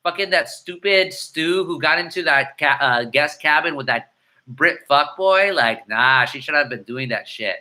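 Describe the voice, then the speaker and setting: Bright-voiced, joking man. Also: on the high side, animated. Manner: irreverent, rapid-fire banter mixing Spanish and English, breaks into singing. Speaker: host answering viewer comments. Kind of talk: casual live-stream chat.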